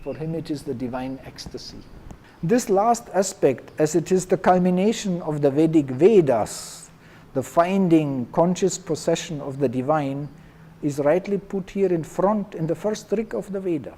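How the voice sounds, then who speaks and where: A man teaching a class, explaining a text and leading students in slow call-and-response chanting. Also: on the high side, lively intonation, warm tone, low-quality recording. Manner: explanatory, leads chant slowly for students to repeat. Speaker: Veda teacher.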